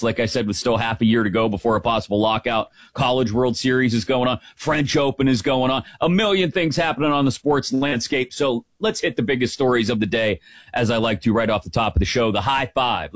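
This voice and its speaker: Energetic male sports radio host, dry studio. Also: medium pitch, fairly quick, dry recording. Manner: energetic, chatty, rattles off details. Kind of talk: live sports talk radio. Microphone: studio microphone.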